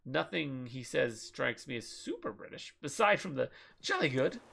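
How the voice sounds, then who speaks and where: A man casually commentating his game on a live stream, with playful, jokey deadpan asides. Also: mid-range voice, moderate pace, creaky, slightly rough. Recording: game music loud under voice. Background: loud game music.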